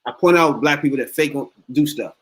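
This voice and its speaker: A man's voice: fairly high pitch, fairly quick, slightly rough. A man hosting a podcast, talking informally with enthusiastic approval for his guest. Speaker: podcast host. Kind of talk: casual chat.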